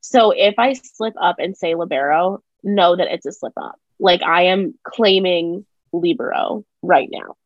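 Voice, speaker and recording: A woman's voice: on the low side, a little slow, hardly any pauses, no room sound, highs cut off. A young adult woman co-hosting a podcast, talking casually and emphatically. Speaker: podcast co-host. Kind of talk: casual chat.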